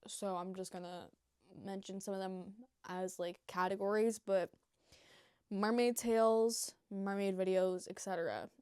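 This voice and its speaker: A young woman vlogger in a rambling casual chat, swearing freely and breaking into squeaky acted quotes. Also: darkish tone, no room sound, clean studio sound.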